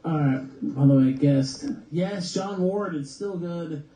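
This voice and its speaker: Rambling podcast host in echoey room. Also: male voice, on the high side, slow, warm tone. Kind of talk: casual podcast chat, reading super chats. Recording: echoey room, far from mic, faint hum.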